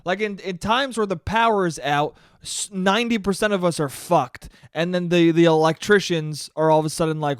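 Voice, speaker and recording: High-voiced man ranting profanely. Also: normal speed, hardly any pauses, no echo, studio quality. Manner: profane, self-mocking, mimics whiny complaints. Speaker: podcast host. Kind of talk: solo comedic rant.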